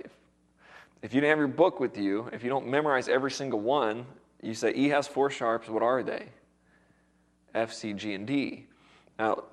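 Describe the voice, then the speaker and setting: Casual man teaching a music class. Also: mid-range voice. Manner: casual, encouraging, checks in with the class often. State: recovering voice. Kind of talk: classroom music theory lesson.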